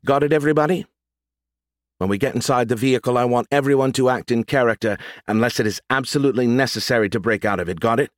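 A curt, bickering woman agent voiced by a man in an audiobook, pitched somewhat above his own voice. She is bossy and quick to snipe, heard dry and close. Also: no echo, lightly acted. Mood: commanding.

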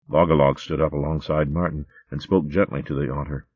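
A man narrating a storybook in an animated, expressive way. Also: extremely low pitch, a little fast, hardly any pauses, dry recording. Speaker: audiobook narrator. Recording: phone-like dry audio.

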